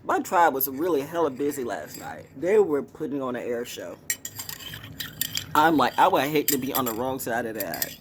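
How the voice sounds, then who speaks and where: A woman talks to her camera in a loose, rambling monologue, dropping to hushed asides and then bursting into excitement. Her pitch leaps all over as she talks. A faint outdoor hum sits behind her. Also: normal speed. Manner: animated, swings from hushed to exclaiming. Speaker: spiritual vlogger, oracle reader.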